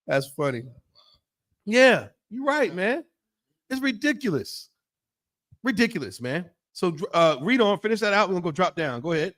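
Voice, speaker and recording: A man's voice: high voice, big pitch swings, fairly quick, fairly bright tone. A man teaching a Bible law class in a blunt, profane preaching style full of rhetorical questions. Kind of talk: fiery preaching lesson.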